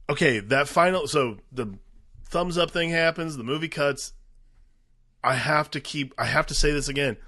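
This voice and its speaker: A man's voice: on the high side, fairly bright tone. A man co-hosting a casual movie podcast, talking in an incredulous, rambling way full of fillers. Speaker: podcast co-host. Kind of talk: casual movie review chat.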